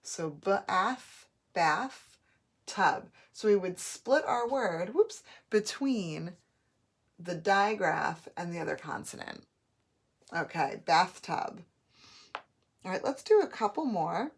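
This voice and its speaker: A woman teaching a phonics lesson, sounding out words slowly and clearly, syllable by syllable. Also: lowish voice, animated.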